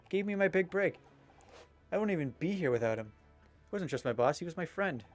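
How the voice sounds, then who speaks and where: A man doing a pleading high-voiced young woman sleuth. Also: animated, brisk, faint music behind, natural voice. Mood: troubled. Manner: anxious, pleading. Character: nervous young woman turned amateur sleuth.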